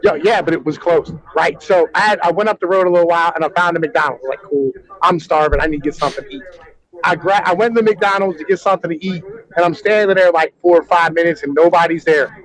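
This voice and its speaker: High-voiced man spinning a crude story. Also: quick pace, rough recording. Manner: animated, peppers talk with "yo". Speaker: trucker panelist. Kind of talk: casual profane storytelling.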